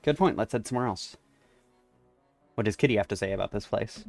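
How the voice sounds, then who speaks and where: A man's voice: on the low side, a little fast, vocal fry, pauses often, darkish tone, no room sound, soft background music. A man who streams games, giving casual let's-play commentary and reading the dialogue aloud with wry asides. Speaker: game streamer.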